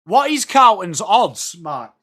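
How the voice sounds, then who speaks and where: A man's voice: high-pitched, very animated, takes it slowly, a bit bright. An English man hosting a live football watchalong stream, chatting casually and greeting viewers by name with jokey asides. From England.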